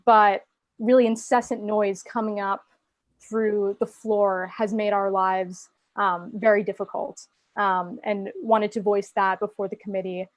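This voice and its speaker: Young woman from Boston, earnest measured complaint, dry close sound, video call. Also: mid-range voice, level tone, no echo. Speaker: resident speaking at public comment. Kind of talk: public comment at a virtual meeting.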